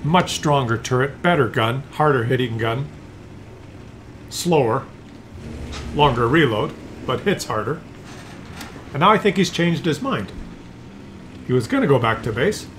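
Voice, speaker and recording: A man's voice: medium pitch, expressive, measured pace, long pauses, fairly bright tone, a little hiss or hum. A man giving casual, chatty commentary on a tank game replay, teasing the player and chuckling with viewers.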